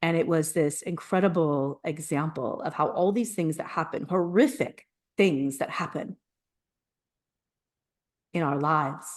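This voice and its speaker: A woman's voice: low-pitched, measured pace. A woman co-hosting a podcast, talking in a casual, earnest way and laughing often as she shares personal stories. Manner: animated storyteller, laughs often, earnest and emotional. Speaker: podcast co-host. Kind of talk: casual conversational podcast chat.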